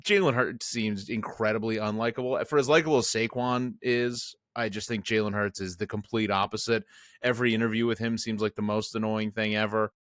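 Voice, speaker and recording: A man's voice: on the low side, steady tone, brisk, fairly bright tone, no room sound, clean studio sound. A man co-hosting a sports podcast, chatting casually with a rambling, self-mocking manner. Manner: rambling, self-mocking, mimics players in jokey voices. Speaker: podcast co-host.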